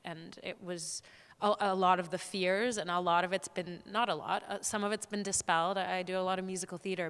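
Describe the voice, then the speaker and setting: A young adult woman, an actor on a panel, telling candid stories in a lively, frank, self-deprecating way. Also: fairly low pitch, clean tone. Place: theater hall at a live talk. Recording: long reverb of a hall.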